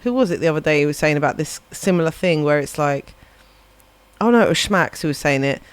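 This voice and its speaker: A woman's voice: low voice, expressive, a little fast, clear, resonant tone, no room sound. Rambling woman musician on stream. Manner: rambling, reflective, swears casually. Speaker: livestreaming musician. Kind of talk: casual chat on a live stream.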